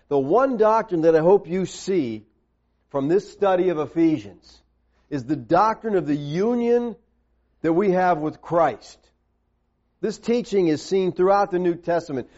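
A man preaching an expository Bible teaching sermon, stressing key words and slowing on quoted verses. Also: fairly high pitch, dark tone. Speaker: pastor. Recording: dull lo-fi sermon recording.

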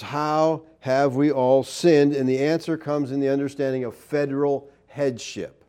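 A man's voice: fairly high pitch, dark tone. A man preaching a sermon, emphatic, with many rhetorical questions and scripture read aloud. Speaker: pastor.

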